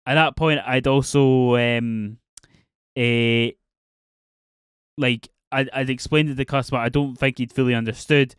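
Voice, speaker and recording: A man's voice: medium pitch, steady tone, unhurried, smooth, no room sound, clean studio sound. A young man hosting a podcast, telling a story casually, with many fillers and restarts. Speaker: podcast host.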